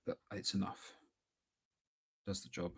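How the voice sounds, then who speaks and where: A man giving relaxed, rambling commentary while painting miniatures live, thinking aloud with lots of fillers. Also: a little slow. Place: at a hobby desk at home.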